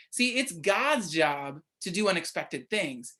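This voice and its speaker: A woman's voice: lowish voice, big pitch swings, slow, fairly bright tone. A young woman giving a casual, conversational midweek sermon, often checking in with her listeners by asking "right?". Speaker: church speaker.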